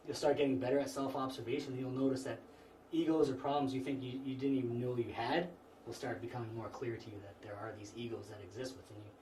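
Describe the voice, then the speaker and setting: A man giving an informal spiritual lecture to a small group, talking conversationally with frequent restarts. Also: medium pitch. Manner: relaxed, conversational, frequent restarts and "you know". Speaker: class instructor. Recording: echoey room, mic far off, faint noise.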